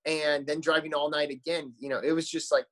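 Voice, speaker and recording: Musician guy rambling on a podcast, um and like everywhere, voice a bit on the high side. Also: level tone, brisk, a bit bright. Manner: rambling, many fillers and restarts. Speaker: musician guest. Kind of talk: casual podcast chat.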